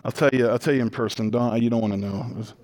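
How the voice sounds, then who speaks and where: A man preaching a sermon as a pastor, animated and emphatic, moving between loud declarations, quiet intensity and humorous storytelling. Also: medium pitch, fast. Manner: conversational storytelling with self-deprecating humor.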